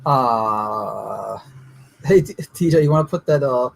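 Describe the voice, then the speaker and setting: A man's voice: medium pitch, expressive, slow, creaky, a little hiss or hum, poor audio. A man hosting a casual pop culture chat, rambling and restarting his sentences as he explains.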